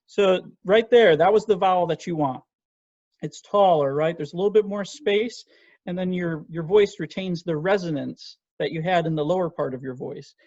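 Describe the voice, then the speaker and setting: Over a video call, a man with a high, darkish voice teaches an online voice lesson, patiently explaining technique and singing short phrases as demonstrations. There's no echo, and the audio comes through dull and lo-fi.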